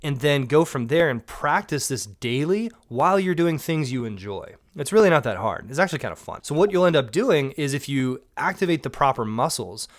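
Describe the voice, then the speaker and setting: A Southern man in his thirties talks straight to the viewer like a coach, direct and plain-spoken with the odd wry joke. His voice sits at an ordinary middle pitch. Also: lively intonation, fairly quick, few pauses. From Georgia, US. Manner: direct, coaching, joking asides. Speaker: mountain bike coach. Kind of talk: casual instructional talk to camera.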